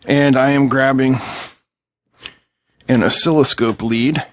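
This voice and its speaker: Soldering and testing a circuit board at his workbench, this electronics channel host jokes with viewers and makes chatty asides. He speaks slowly in a mid-range, slightly bright male voice with fairly even intonation, over a little hiss or hum.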